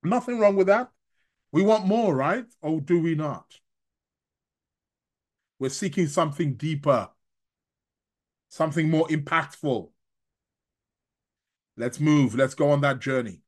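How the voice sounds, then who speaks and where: A man who reads tarot, chatting on a live stream and reading out viewer comments, rambling and halting with frequent restarts and chuckles. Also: a little high. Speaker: astrologer and tarot reader.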